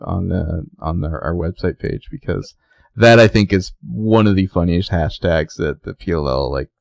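A man's voice: low voice, moderate pace, vocal fry, darkish tone, no room sound. A man co-hosting a casual chat, recapping a TV episode and acting out the characters' lines. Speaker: podcast co-host recapping a TV episode.

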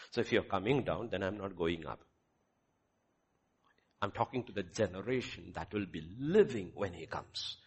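Animated man preaching a sermon. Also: lowish voice, slightly rough. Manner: preaching with rising emphasis and rhetorical questions. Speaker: pastor.

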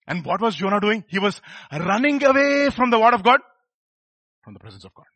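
A man's voice: high voice, very animated, fairly quick, bright, forceful tone, no echo. A man preaching a sermon, emphatic and firing rhetorical questions at the congregation.

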